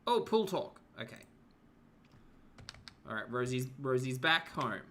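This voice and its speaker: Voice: medium pitch, very animated, measured pace, fairly bright tone, a little hiss or hum. A reaction commentator making joking, teasing asides over a vlog.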